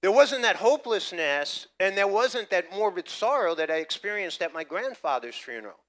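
Bright-voiced man preaching a story. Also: high-pitched, big pitch swings, normal speed. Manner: storytelling, builds from quiet to loud emphatic preaching. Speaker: pastor. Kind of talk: sermon with personal story.

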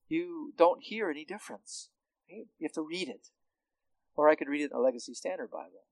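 A man teaches through scripture with a slightly raised pitch. He talks loosely, restarting phrases and checking in with "right?" The sound is dry and close, with no room echo. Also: brisk. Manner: conversational, with frequent restarts and tag questions. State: hard of hearing. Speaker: Bible teacher. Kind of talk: expository Bible teaching.

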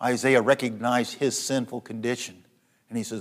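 A man preaching a sermon, rising to loud, high repetitions and dropping to soft, low passages, often restarting his phrases. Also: little pitch movement, moderate pace. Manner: repeats words and restarts phrases.

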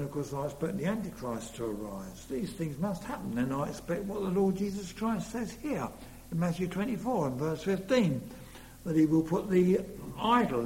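A man's voice: high-pitched, a little mellow. A man preaching a sermon earnestly, leaning hard on key words. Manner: earnest, rising to emphatic stresses. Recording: long reverb in a hall, faint hum.

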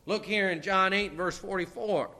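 A man's voice: sits high, normal speed, pushed and bright. A man preaching a sermon as pastor, folksy and emphatic, repeating his key phrases for stress. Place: church sanctuary. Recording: long hall reverb.

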